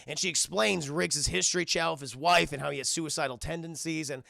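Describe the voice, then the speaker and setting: A man's voice: on the high side, brisk, creaky, pushed and bright, no echo, clean studio sound. A man streaming live, recapping a film scene by scene in a rambling, profane way and talking to his chat. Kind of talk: casual livestream film recap.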